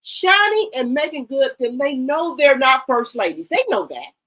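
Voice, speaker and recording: Middle-aged woman, livestream host, high voice, blunt and emphatic casual chat. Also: big pitch swings, moderate pace, a bit bright, low-quality recording. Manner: blunt, emphatic, repeats herself.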